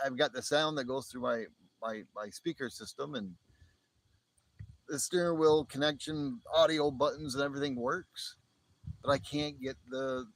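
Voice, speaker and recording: A man's voice: mid-range voice, rough recording. A man from the northern United States near the Canadian border, rambling casually on his live stream and chuckling as he talks. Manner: rambling, chuckles often, restarts sentences. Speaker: livestream host.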